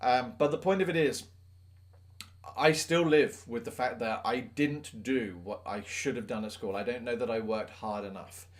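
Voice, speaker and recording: A man's voice: medium pitch, moderate pace. A man, a teacher giving an earnest, emphatic motivational talk to the camera, with self-mocking asides.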